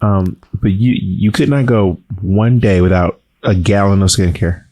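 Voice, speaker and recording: Teasing man talking softly after voice rest. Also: on the low side, slight background noise. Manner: teasing, quick back-and-forth, restarts. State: recovering voice, talking softer than usual. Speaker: podcast co-host. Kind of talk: casual chat.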